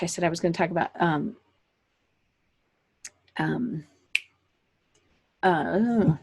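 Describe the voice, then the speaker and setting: A woman's voice: fairly low pitch, a little mellow, slightly rough. A woman hosting a weekly online session for creatives, chatting casually and rambling with fillers and self-corrections into a computer microphone. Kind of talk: casual live-stream talk.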